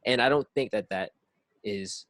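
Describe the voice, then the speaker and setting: A podcast co-host rambles casually, circling back to "it's like" and repeating words as he thinks his point through. His voice is lowish and a bit bright at a moderate pace, with no room sound.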